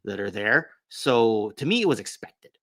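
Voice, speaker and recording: Low-pitched guy guesting on a podcast, thinking out loud, keeps saying right, dry sound. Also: very animated, moderate pace, dry recording. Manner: reflective, checks agreement with "right?". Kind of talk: casual chat.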